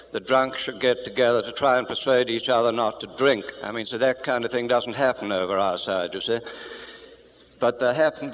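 A man's voice: medium pitch, a bit bright. An Irish man with a faintly English polish gives a talk to a big gathering, full of dry, self-mocking asides. The old recording is muffled and a long reverb from the hall trails his words. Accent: Irish with English-sounding speech. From Ireland. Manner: dry self-deprecating humor, anecdotal. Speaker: guest speaker. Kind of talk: public talk to a meeting. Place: large meeting hall.

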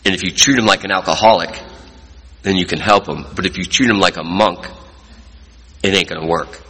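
A man doing a blunt old mentor, deep. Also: brisk, bright, forceful tone, breathy edge, exaggerated voice. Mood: firm. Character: blunt, calm older male mentor. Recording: long hall reverb.

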